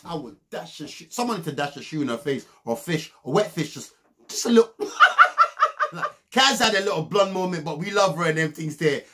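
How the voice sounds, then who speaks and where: A young man giving a comedic, mocking recap of a reality TV show, breaking into loud laughs. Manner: mocking, animated, bursts into loud high laughs.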